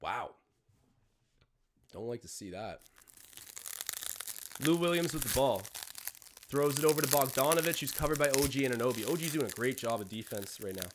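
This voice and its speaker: A man's voice: medium pitch, lively intonation, moderate pace, pauses often, background noise. A young Canadian man hosting a live watch-along stream, mixing casual play-by-play with rambling chatty tangents.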